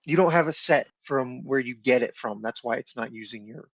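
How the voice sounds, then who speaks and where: A gravelly man talks casually over a dull, lo-fi voice chat line. His voice is dry and close, with no room sound at all, as he works through an online tabletop session. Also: medium pitch, moderate pace, dry recording. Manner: talks to his child off-mic mid-game.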